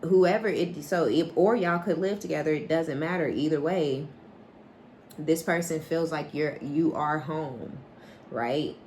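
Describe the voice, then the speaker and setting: A woman's voice: deep voice, measured pace, a little hiss or hum. A woman giving a casual collective tarot reading, blunt and profane, often asking "right?" and acting out bits of dialogue. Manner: animated, acts out quoted dialogue. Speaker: psychic tarot reader.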